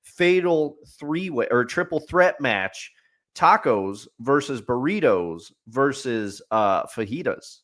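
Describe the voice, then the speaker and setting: A man's voice: mid-range voice, animated, slow, fairly bright tone. A man co-hosting a casual podcast, easygoing and jokey. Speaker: podcast co-host.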